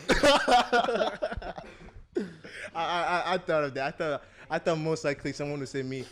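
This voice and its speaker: A man hosting a casual football podcast chat, playful and quick to laugh. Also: on the high side, fairly bright tone. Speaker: podcast host.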